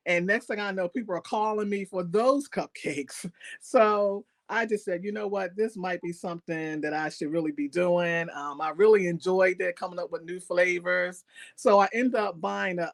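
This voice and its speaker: A woman chef as an interview guest, telling stories in a lively, animated way and laughing often. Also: lowish voice, moderate pace. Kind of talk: casual interview storytelling.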